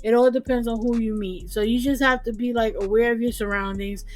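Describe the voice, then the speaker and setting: A woman's voice: fairly high pitch, fairly even intonation, brisk, darkish tone, no echo. A woman co-hosting a casual commentary chat, chatty with frequent laughs and fillers. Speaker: commentary co-host.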